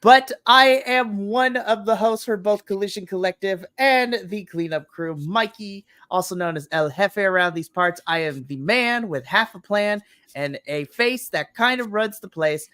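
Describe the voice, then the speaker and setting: A man's voice: sits high, measured pace, clean tone, no echo, studio quality. A man hosting a late-night wrestling podcast, joking and upbeat as he chats with his co-host. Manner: playful, joking, energetic.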